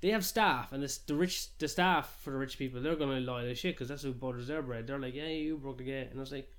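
A man's voice: medium pitch, fast talker, fairly bright tone. A man, chatting casually as a podcast co-host and ranting in a sweary, jokingly outrageous way. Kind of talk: casual chat.

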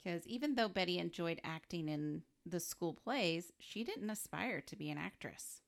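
A woman's voice: lowish voice, expressive, normal speed, vocal fry. A woman co-hosting a podcast, talking casually through a life story and joking between facts. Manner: chatty, laughs often, quips between facts. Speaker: podcast co-host.

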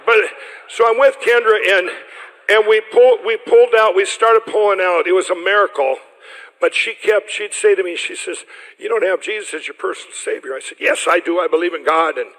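Middle-aged man, high-pitched, chatty testimony speaker who keeps restarting sentences and laughing; long hall reverb. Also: a bit bright. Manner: rambling, self-interrupting storyteller who laughs often. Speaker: speaker addressing a group of pastors. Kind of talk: personal testimony talk.

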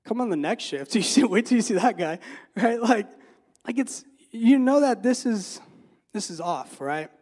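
A man's voice: very high voice, expressive, unhurried, a little mellow. A man giving a casual, conversational sermon, full of fillers and repeated words, often asking the listeners rhetorical questions. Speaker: preacher.

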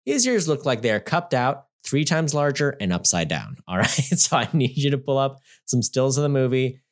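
On a laid-back movie review podcast, this man co-hosts at a normal speed, playful and lively, frequently laughing and slipping into low mutters.

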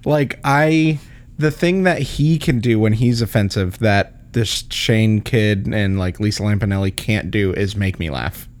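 A man's voice: lowish voice, unhurried. A man in casual podcast chat who agrees readily, laughs often and rambles with lots of fillers.

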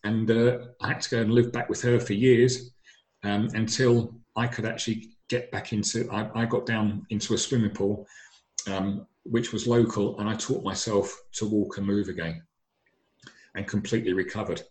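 A man's voice: fairly low pitch, steady tone, normal speed, a little mellow. A middle-aged man, telling his personal story earnestly and emphatically, often repeating his words. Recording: echoey room.

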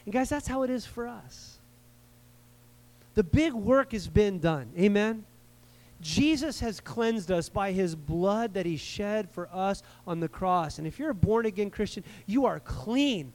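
High-voiced man preaching a casual sermon. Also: lively intonation, unhurried, darkish tone. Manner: conversational, repeats words for emphasis, checks in with listeners. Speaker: pastor. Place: church service before a live congregation.

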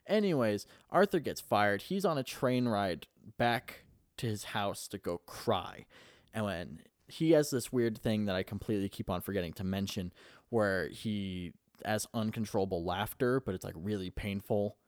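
A man's voice: on the low side, lively intonation, moderate pace, dry recording, clean studio sound. A young man casually recapping a movie in a rambling, profane way, full of fillers.

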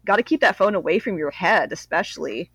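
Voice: mid-range voice, brisk, a bit bright, breathy edge, no room sound, poor audio. A forty-year-old guest in a casual podcast conversation, talking earnestly with many fillers and acting out past reactions. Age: 40s.

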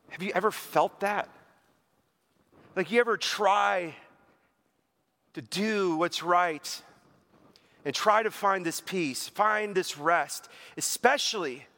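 A man's voice: high voice, fairly bright tone. A man preaching a conversational sermon, chatty and full of rhetorical questions and acted-out inner voices. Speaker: pastor.

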